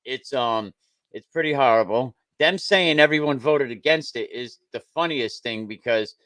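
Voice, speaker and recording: A man's voice: medium pitch, moderate pace, fairly bright tone, dry recording. Guy ranting about school sports, blunt, repeats himself, dry sound. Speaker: show host. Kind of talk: casual sports talk.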